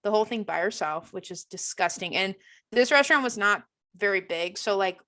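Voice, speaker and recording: A young adult woman co-hosting a podcast, telling a story in a casual chat, animated, laughing often and acting out the people she quotes. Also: medium pitch, a little fast. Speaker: podcast co-host.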